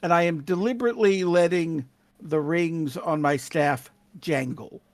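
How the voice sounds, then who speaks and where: A man playing a tabletop game, describing his character's actions and asking brisk questions. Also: fairly high pitch, dry recording. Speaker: player.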